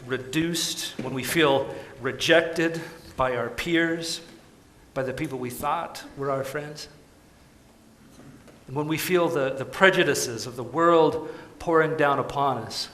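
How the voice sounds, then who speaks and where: Impassioned preacher man in an echoey room. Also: fairly high pitch. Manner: impassioned, swings from soft pleading to loud urgency. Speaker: pastor. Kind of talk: sermon.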